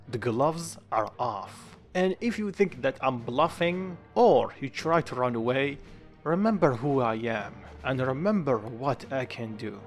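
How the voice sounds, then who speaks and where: A man voicing a cold, vengeful young male villain in a fan story, taunting and menacing. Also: medium pitch.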